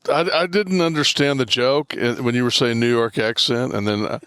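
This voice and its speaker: A man's voice: medium pitch, steady tone, moderate pace, a bit bright, clear, resonant tone, no room sound. A man co-hosting a casual podcast, easygoing with dry humor. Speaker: podcast co-host. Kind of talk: casual chat.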